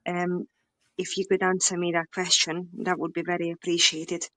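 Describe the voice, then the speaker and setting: Hesitant Scottish woman caller, flat voice. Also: fairly low pitch, moderate pace. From Scotland. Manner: hesitant, earnest, grieving.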